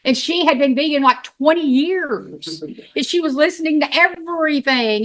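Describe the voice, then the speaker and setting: A middle-aged woman tells her own story in a high, bright voice. She is folksy and animated, and she slips into other people's voices as she recounts what they said. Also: moderate pace. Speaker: sanctuary founder telling her story. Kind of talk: storytelling talk.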